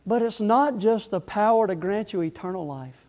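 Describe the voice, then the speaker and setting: Impassioned preacher man with a high voice. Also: expressive, moderate pace, in a large hall. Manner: impassioned preaching, swings from loud to soft. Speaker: pastor. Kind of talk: sermon. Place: church sanctuary.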